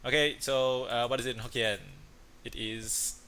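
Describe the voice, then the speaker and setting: A man's voice: mid-range voice, level tone, normal speed, bright, forceful tone, a little hiss or hum. A man teaching a casual online lesson, chatty and rambling, with punny asides and lots of fillers.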